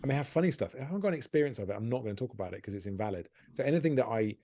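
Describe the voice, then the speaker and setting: A man, a stand-up comedian, talking candidly and self-deprecatingly in a podcast interview, animated and often laughing. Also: mid-range voice, racing.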